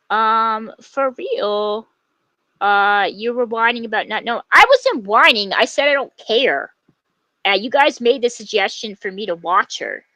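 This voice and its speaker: A woman's voice: a little high, bright, forceful tone, dry recording, poor audio. Heated, foul-mouthed woman streamer. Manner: heated, profane, with many fillers and restarts. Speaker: livestreamer. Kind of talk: angry livestream rant at a rival.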